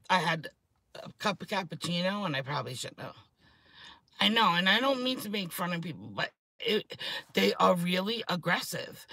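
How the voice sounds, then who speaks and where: Hoarse new lady rambling on camera, all hyped up, cusses a lot, sharp bright voice. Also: fairly low pitch, dry recording. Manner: rambling, excitable, swears freely. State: hoarse throat. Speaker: vlogger. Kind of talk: casual chat to camera.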